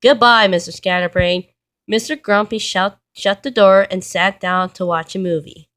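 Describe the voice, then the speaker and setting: A woman reading a children's storybook aloud in a plain, steady way. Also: medium pitch, moderate pace. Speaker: reader.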